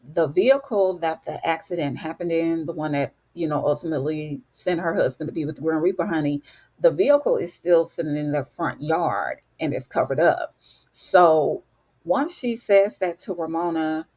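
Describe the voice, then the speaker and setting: A woman's voice: low-pitched, moderate pace, darkish tone. A woman retelling a film in a chatty, casual way, calling her listeners honey and y'all. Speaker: recap host. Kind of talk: casual storytelling recap.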